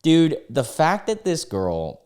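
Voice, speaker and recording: A man's voice: fairly high pitch, huge pitch swings, slow, darkish tone. A young man giving casual, laughing reaction commentary on online posts, incredulous and slangy. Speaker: YouTuber reading out online posts.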